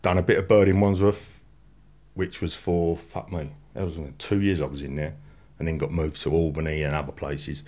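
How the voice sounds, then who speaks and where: A guest in his forties from England, speaking with a London accent, recounts his life story bluntly and without polish, dropping in slang as he goes. His voice sits low at a normal speed, and the storytelling is lively.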